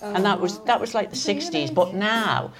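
An older woman with a Manx accent, chatting as an interview guest and telling lively anecdotes from her past. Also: mid-range voice, normal speed, crowd noise. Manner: chatty storyteller, lively asides. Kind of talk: casual reminiscing anecdotes.

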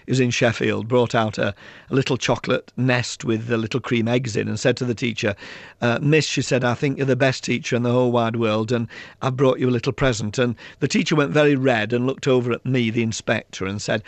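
A man with a gravelly, creaky edge to his voice tells lively anecdotes in an interview, mimicking the people in his stories. He sits close to the mic in a dry room with no echo. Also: medium pitch, brisk. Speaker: author and public speaker, guest.

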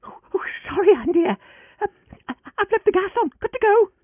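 A man's voice: very high voice, sing-song, fast, dry recording, voice pushed up. A man voicing a flustered, confused woman caller who panics and fumbles on a phone line.

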